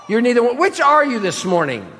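A male pastor delivering a sermon in a high voice, emphatic and questioning his listeners directly. His words ring out with a long reverb across a church sanctuary. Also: wildly swooping pitch, fairly quick, fairly bright tone, a little hiss or hum.

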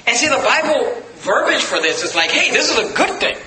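High, bright-voiced male pastor preaching. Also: very animated, brisk. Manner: conversational preaching with rhetorical questions and asides. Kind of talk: sermon. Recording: echoey room with faint ambience.

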